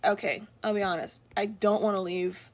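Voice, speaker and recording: A woman's voice: medium pitch, steady tone, moderate pace. A young woman chatting casually while she draws on a live stream at home, rambling and laughing often. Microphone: streaming from an iPad.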